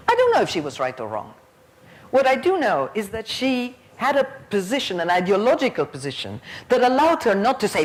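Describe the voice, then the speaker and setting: A woman's voice: on the low side, brisk. A woman in her fifties giving a plenary conference lecture, telling stories and acting out the people in them. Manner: lively storyteller who acts out quoted voices. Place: conference hall.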